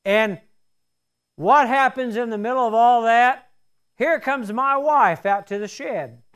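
A high-pitched middle-aged man delivers a homespun sermon. He drifts into folksy stories and plain-spoken asides between points of faith. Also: slow, fairly bright tone, clean tone. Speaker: preacher.

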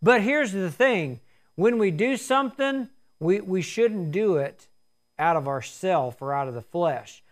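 A man's voice: high-pitched, expressive, unhurried. A man preaching a sermon in an earnest, repetitive way, often restarting his words.

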